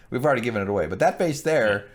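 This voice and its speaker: A young adult man co-hosting a casual TV recap, swearing and acting out characters in exaggerated voices. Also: medium pitch. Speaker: co-host.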